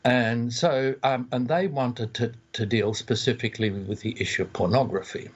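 Casting: older Australian male guest, mid pitch, measured and halting, muffled line. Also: steady tone, breathy edge. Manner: measured, with many ums and uhs. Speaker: theologian guest. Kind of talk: interview over a phone line.

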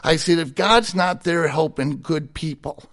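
A middle-aged man tells his story with candid, plainspoken honesty. His voice sits a little high and breaks into a short chuckle between stories. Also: measured pace, fairly bright tone. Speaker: guest sharing his testimony. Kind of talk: personal testimony in conversation.

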